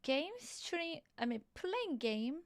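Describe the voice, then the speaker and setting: A woman hosting a piano livestream, chatting softly and warmly with a guest, often filling in with little laughs and repeated yeahs. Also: sits high, very animated, no room sound. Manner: slow, soft-spoken, with frequent small laughs. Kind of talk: casual chat.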